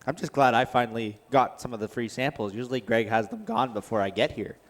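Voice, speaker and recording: A man's voice: mid-range voice, steady tone, quick pace. A man co-announcing at a race track, making wry, dry jokes in casual commentary over a headset mic.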